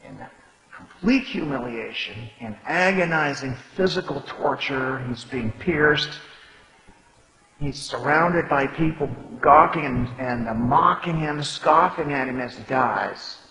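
A man's voice: medium pitch, a little slow, bright, forceful tone. A man preaching a sermon, explaining scripture in a conversational way and reading verses aloud. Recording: echoey hall with long reverb.

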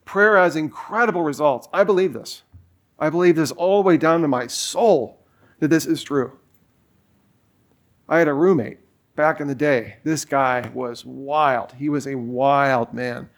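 Forties male pastor, loose storytelling sermon delivery, slightly high voice. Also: measured pace. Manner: casual storytelling with many fillers.

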